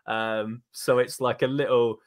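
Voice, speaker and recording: A man's voice: mid-range voice, level tone, unhurried. A man from southeast England with a southeast English accent, hosting an interview and asking long, rambling questions filled with hedging fillers. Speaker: host. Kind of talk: casual interview chat.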